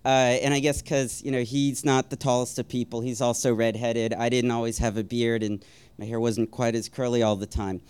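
Smooth-voiced man telling a wry story. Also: mid-range voice, level tone, moderate pace. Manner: wry, self-deprecating, with soft chuckles; rambling, with frequent ums and uhs. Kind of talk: personal storytelling.

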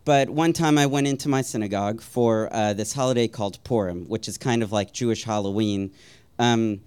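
A man telling a personal story in a wry, self-deprecating way, rambling a little with ums and uhs and soft chuckles. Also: mid-range voice, clean tone.

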